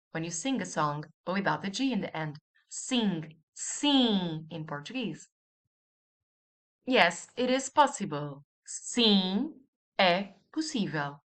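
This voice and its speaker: Woman teacher for a recorded lesson: unhurried, animated intonation, patient and repetitive. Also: mid-range voice. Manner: patient, repeats each example slowly. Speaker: language teacher.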